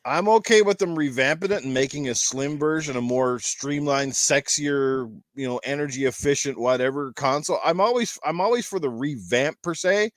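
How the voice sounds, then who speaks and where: A man's voice: fairly high pitch, moderate pace, hardly any pauses, dry recording, studio quality. A Canadian man hosting a casual gaming podcast panel, rambling into joking rants. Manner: rambling, jokey ranting. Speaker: podcast host.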